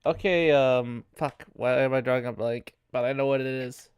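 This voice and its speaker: A man's voice: medium pitch, steady tone, moderate pace. A man hosting a casual sports podcast, rambling with fillers and swearing, with a cough. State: has a cough. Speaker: podcast host.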